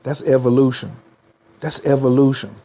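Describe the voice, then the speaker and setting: A man's voice: medium pitch, flat delivery, moderate pace, dark tone. A man, giving a motivational livestream talk as a spiritual coach, repeating slogans and urging viewers to type them.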